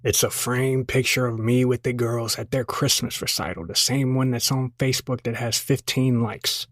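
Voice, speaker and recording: A man's voice: mid-range voice, fairly even intonation, normal speed, no echo, studio quality, close to an everyday voice. A man voicing a grumpy middle-aged dad who mutters rude insults.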